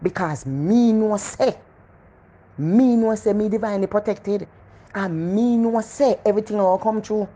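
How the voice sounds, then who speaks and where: A middle-aged woman with a Jamaican accent giving a casual motivational talk, animated and preachy, repeating phrases for emphasis. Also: mid-range voice, a little slow. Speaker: motivational vlogger.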